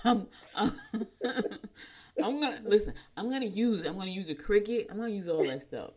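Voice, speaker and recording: A woman's voice: mid-range voice, expressive, brisk, darkish tone. A middle-aged woman, hosting a morning show, reading horoscopes and telling folksy stories while laughing at herself. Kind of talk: casual chat and horoscope reading.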